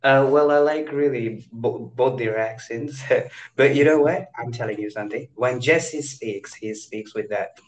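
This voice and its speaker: A young Indian man, an English learner with an Indian English accent, chats eagerly and animatedly on a casual video call, often restarting sentences. His mid-range voice is a little slow, and the computer mic gives poor audio.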